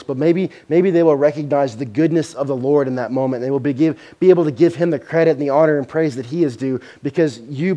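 A pastor preaching a sermon, telling a story in an animated way that grows loud at its dramatic moments. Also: male voice, medium pitch.

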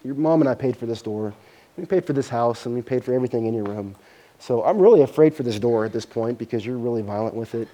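A man voicing a calm, loving middle-aged father who speaks gently and patiently to his daughter. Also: mid-range voice, quick pace, close to an everyday voice, rough recording. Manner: gentle, patient, softly spoken.

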